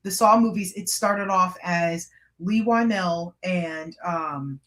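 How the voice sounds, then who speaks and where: A woman's voice: fairly low pitch, takes it slowly, fairly bright tone. Chatty woman guest on a podcast. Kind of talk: casual chat.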